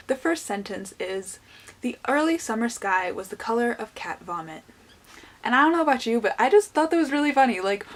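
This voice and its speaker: A young adult woman chatting casually to camera as a book vlogger, enthusiastic and full of "like" and "I don't know". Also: medium pitch.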